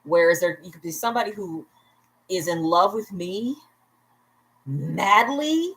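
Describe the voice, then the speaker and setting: Low husky tipsy woman rambling on a livestream. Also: normal speed, low-quality recording. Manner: rambling, laughs often, chatty asides to viewers. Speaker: vlogger, livestream host. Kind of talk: casual livestream chat. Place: at home at bedtime.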